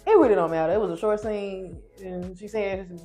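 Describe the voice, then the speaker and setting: A woman casually recapping a reality TV episode, chatty and opinionated, retelling scenes quickly. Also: mid-range voice, warm tone, faint music behind.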